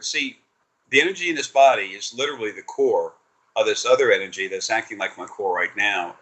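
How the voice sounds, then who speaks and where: A man's voice: fairly low pitch, sharp tone, poor audio. A man giving a casual spiritual reading over a video call, rambling and swearing, with many fillers and restarts. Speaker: spiritual reader.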